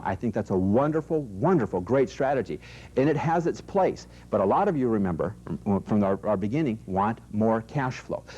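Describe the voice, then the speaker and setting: A man's voice: medium pitch, mellow. A middle-aged man presenting an investment seminar, emphatic and repetitive, asking the audience rhetorical questions. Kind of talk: recorded seminar talk. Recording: dull lo-fi VHS audio.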